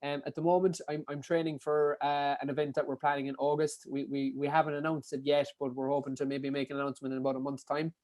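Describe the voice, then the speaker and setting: A young man with a Kerry Irish accent, a podcast guest telling rambling stories in a casual, quick way with lots of restarts. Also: on the high side, little pitch movement, a little mellow, no room sound. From Dingle, County Kerry, Ireland. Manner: rapid, rambling, frequent restarts and fillers. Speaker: podcast guest, ultra runner. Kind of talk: casual anecdotal storytelling.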